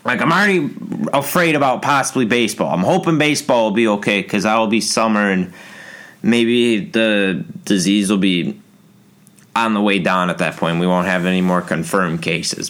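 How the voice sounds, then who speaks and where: A man's voice: lowish voice, a bit bright. A man hosting a podcast, ranting casually in a rambling, exasperated and profane way. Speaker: podcast host.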